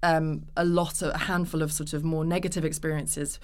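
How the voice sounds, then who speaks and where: A woman's voice: low voice, a little fast. A woman, telling stories as a guest on a casual podcast interview and acting out the voices she quotes. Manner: animated storytelling, acts out quoted voices. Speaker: actress guest.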